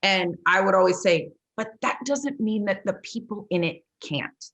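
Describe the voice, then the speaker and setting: A woman hosting a sports podcast, telling stories in a lively, chatty way with plenty of "like" and "you know". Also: medium pitch, moderate pace, muffled recording. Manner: lively storyteller, many "like" and "you know" fillers. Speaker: podcast host and former football coach. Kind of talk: casual interview chat.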